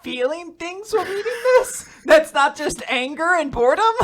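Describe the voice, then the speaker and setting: A woman's voice: very high-pitched, expressive, slow, slight background noise. A woman co-hosting a casual podcast, reacting playfully and joking along. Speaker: podcast co-host. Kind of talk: casual chat.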